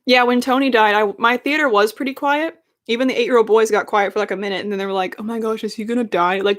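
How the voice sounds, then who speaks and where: A woman's voice: a little high, fairly even intonation, fast talker, hardly any pauses, fairly bright tone. A young woman in her twenties rants casually to her stream chat, sarcastic and full of likes and ums.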